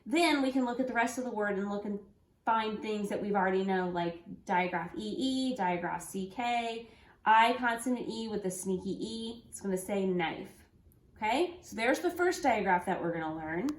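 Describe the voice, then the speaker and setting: A woman teaching young children a phonics lesson, speaking slowly and clearly, spelling out letters and encouraging them. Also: mid-range voice, slight background noise. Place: home room with an easel. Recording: echoey room.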